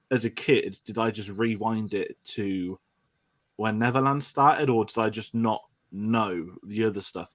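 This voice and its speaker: A man's voice: fairly low pitch, a bit bright. A man in a casual podcast discussion, reflecting and wondering aloud about his memories. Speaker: podcast guest.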